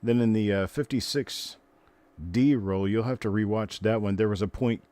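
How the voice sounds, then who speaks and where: Older male stream host with a deep voice, chatty and rambling, talking casually to viewers. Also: fairly even intonation, moderate pace, warm tone, no echo. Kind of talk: casual live stream chat.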